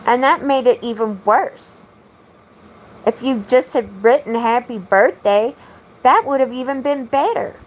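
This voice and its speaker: Woman, high voice, blunt, accusatory, swears freely, repetitive rambling, talking to camera, faint background hum. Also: expressive, a little slow, low-quality recording. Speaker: vlogger. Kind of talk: direct-to-camera monologue.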